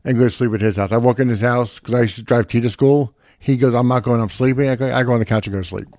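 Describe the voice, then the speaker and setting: A man's voice: mid-range voice, fairly even intonation, fast, darkish tone, no room sound, studio quality. A middle-aged man telling a profane, brash story in casual chat.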